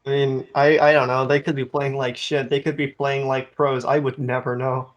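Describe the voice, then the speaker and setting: A man's voice: mid-range voice, little pitch movement, normal speed, lo-fi sound. A man co-commentating a video game tournament casually in a hesitant, candid way.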